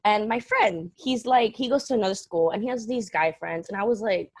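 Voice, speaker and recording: A young woman tells a story in a relaxed podcast chat. She is animated and self-mocking, laughing between quick asides. Her voice sits at a middle pitch and sounds close and dry, with no room echo. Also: breathy edge. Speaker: podcast co-host telling a story.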